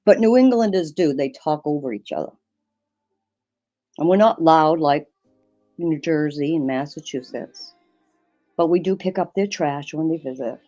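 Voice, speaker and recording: A woman's voice: lowish voice, mellow, muffled recording. A woman with a Maine accent chatting casually as a guest on a livestream panel, telling rambling stories with chuckling asides.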